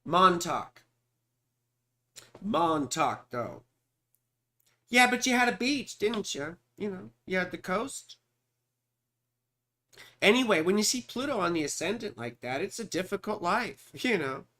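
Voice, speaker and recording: A man in his forties with a high, bright voice, hosting a casual live stream of astrology readings. He rambles and chats, mutters to himself as he looks things up, and talks to his viewers by name. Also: very animated, measured pace, pauses often. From California. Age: 40s.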